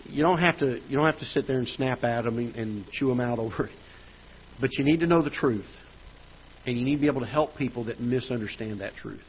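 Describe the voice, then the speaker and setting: A male pastor delivering a sermon in a church auditorium, earnest, pressing points, then dropping quiet. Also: mid-range voice, highs cut off, a little hiss or hum. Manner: earnest preaching with rising emphasis and quiet drops.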